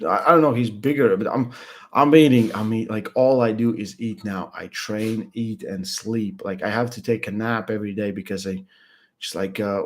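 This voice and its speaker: A young man chatting casually about arm wrestling, blunt and halting, full of restarts and fillers. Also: lowish voice. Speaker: arm wrestling podcast regular. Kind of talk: casual chat.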